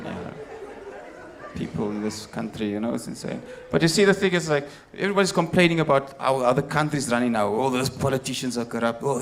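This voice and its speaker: A man with a South African accent doing a stand-up comedy set, telling stories and acting out the people in them. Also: mid-range voice. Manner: animated storytelling, acting out quoted characters.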